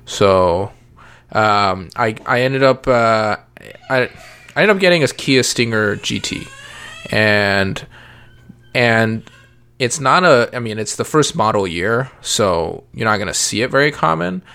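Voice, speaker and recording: A man's voice: lowish voice, expressive, takes it slowly, bright, forceful tone, clear, resonant tone. A man talking casually about parenting and cars, rambling with many fillers and restarts. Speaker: parent podcast guest. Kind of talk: casual chat.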